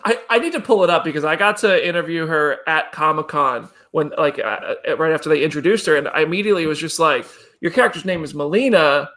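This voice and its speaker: A man's voice: fairly high pitch, fast talker, bright, forceful tone. A man hosting a casual live chat show, chatting loosely and passing questions to his co-hosts. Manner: chatty, reads viewer comments, throws questions to co-hosts. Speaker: podcast host.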